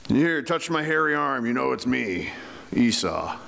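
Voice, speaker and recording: A man voicing a sly young trickster who lowers his voice in a clumsy impression of his brother. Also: sing-song, unhurried, creaky, a bit bright, long reverb tail, exaggerated voice.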